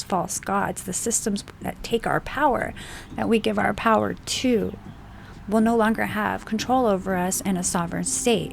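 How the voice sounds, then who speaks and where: A woman giving an emphatic, unscripted spiritual monologue, stressing points with swearing and slow, deliberate phrasing. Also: medium pitch, gravelly, a little hiss or hum. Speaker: spiritual channel host.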